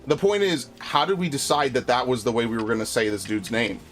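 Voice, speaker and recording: A man's voice: mid-range voice, fairly quick, soft background music. A man streaming a video game, chatting casually in a rambling, frustrated way, swearing often and restarting his sentences. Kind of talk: casual live-stream chat while playing.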